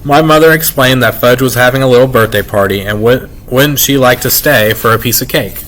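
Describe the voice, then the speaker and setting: A man reads a children's chapter book aloud, telling it in a lively, expressive way. His voice sits at an everyday middle pitch. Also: a little fast, low-quality recording. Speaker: reader. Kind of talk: reading a children's novel aloud.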